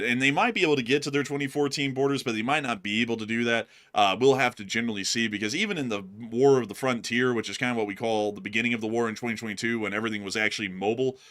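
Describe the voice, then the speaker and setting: A man co-hosting a casual live stream, answering a viewer's question in a brisk, analytical way with many fillers. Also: mid-range voice, a bit bright. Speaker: co-host.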